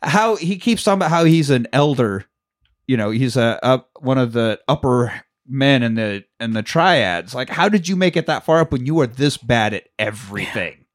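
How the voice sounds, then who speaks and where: A man's voice: mid-range voice, animated, moderate pace. A male podcast co-host in casual chat, with an ordinary mid-range voice. He recaps scenes loosely, swears a lot, laughs often, and acts out bits of dialogue.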